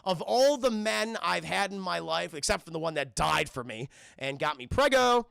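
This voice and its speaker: A man's voice: sits high, animated, moderate pace, gravelly, fairly bright tone, clean tone, no echo, exaggerated voice. A man voicing a weary, exasperated mother, rambling in exasperation.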